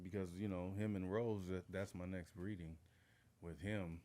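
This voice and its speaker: A middle-aged man, a dog breeder, chatting casually as a podcast guest and telling lively stories, often saying "you know what I'm saying". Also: low-pitched, moderate pace.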